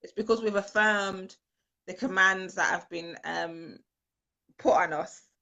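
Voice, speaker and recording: A woman's voice: mid-range voice, measured pace, gravelly, dull audio. A woman host sharing personal stories in a reflective casual chat. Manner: reflective, storytelling, lively quoted voices.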